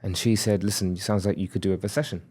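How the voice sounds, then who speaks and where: A man in his thirties speaks as a podcast guest, telling a personal story with candid reflection. His voice sits fairly low. He slips into the dialogue he quotes, acting out the other people's lines. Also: steady tone, fast talker, darkish tone, breathy edge.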